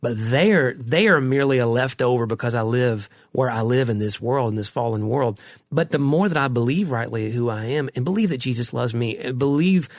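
A man's voice: mid-range voice, fairly quick, hardly any pauses, dry recording, studio quality. A middle-aged man in a casual conversation about faith, earnest and reflective, often restarting his sentences.

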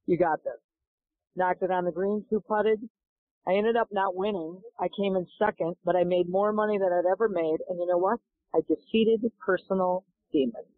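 A woman's voice: mid-range voice, moderate pace, dry recording. A middle-aged woman tells her story with energy and plays out each voice in the exchange. Her voice comes through a thin, phone-like line. The sound is close and dry. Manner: animated, acts out dialogue in her stories. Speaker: golf instructor and guest. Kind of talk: storytelling in a podcast interview.

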